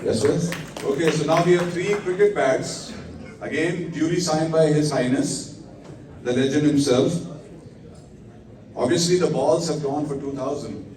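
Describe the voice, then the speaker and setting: Guy calling a charity auction, kinda high voice, big echoey hall, mic a bit far off. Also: measured pace, long pauses, a little mellow. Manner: upbeat, coaxing bids, peppered with religious blessings. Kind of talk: live fundraising auction calling. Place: large indoor event hall.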